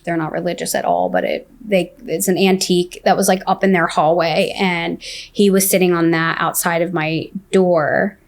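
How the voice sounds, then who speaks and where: A young woman with a lowish voice recounts her story in a loose, chatty way. Her sentences are peppered with "like" and tumble over quick restarts. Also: little pitch movement. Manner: fast, filler-heavy telling with many "like"s. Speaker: guest sharing her story. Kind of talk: casual storytelling.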